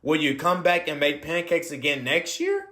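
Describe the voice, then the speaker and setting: A man's voice: fairly high pitch, huge pitch swings, normal speed, pushed and bright, echoey room, full character voice. A man voicing a grateful female hospital president in a storybook.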